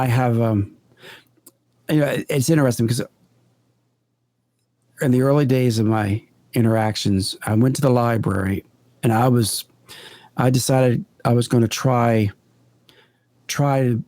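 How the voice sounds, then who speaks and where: A man guest on a podcast, a paranormal investigator, telling his experiences in an earnest, deliberate way. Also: mid-range voice, darkish tone, no room sound. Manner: earnest, deliberate, builds stories step by step. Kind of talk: conversational storytelling in an interview.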